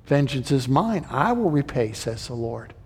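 A man preaching a sermon in an animated way, acting out the people in the story as he paraphrases them. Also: medium pitch, moderate pace, husky, in a large hall. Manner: animated, voices the brothers and Joseph in paraphrase.

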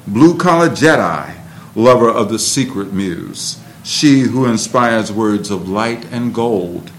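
A man who is a poet, performing spoken word poetry with a slow, rhythmic delivery and talking about his writing. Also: fairly low pitch, expressive, a little hiss or hum.

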